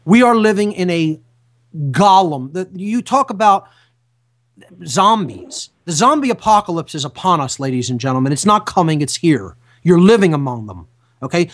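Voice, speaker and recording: A man's voice: high voice, sing-song, normal speed. A man hosting a talk radio show who speaks emphatically, repeating key phrases in a lecturing manner. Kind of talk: impassioned talk radio monologue.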